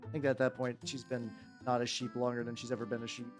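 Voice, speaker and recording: A woman's voice: extremely low pitch, flat delivery, quick pace. A woman streaming while she paints miniatures, chatting casually with viewers in a playful, rambling way with some swearing. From United States. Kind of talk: casual livestream chat. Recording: faint background music.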